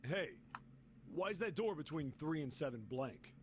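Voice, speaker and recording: A man voicing a big, strong, gruff older man who talks bluntly and teases roughly, in a fan reading of a game. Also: a little high, expressive, moderate pace, slight background noise, natural voice.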